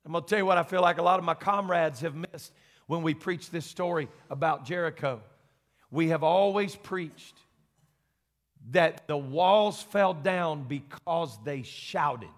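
A middle-aged man, preaching a folksy Pentecostal sermon that swings between quiet talk and loud shouting. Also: on the high side, a little slow. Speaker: senior pastor. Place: church sanctuary. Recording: long church reverb.

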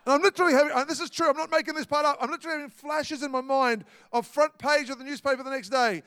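A man's voice: very high-pitched, fairly even intonation, rapid-fire, fairly bright tone, no echo, long reverb tail. A man preaching a sermon, emphatic and repetitive, telling stories to make his point. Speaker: pastor.

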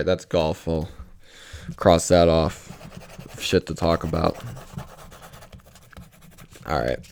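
Low-voiced young man ranting casually. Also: creaky, a little hiss or hum. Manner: rambling, profane, restarts a lot. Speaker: podcast host. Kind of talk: casual solo chat.

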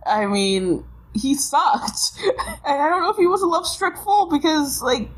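A woman co-host with a rather high voice chats casually. She makes wry, joking asides and laughs a lot. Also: very animated, normal speed, rough recording. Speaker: podcast co-host. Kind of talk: casual chat.

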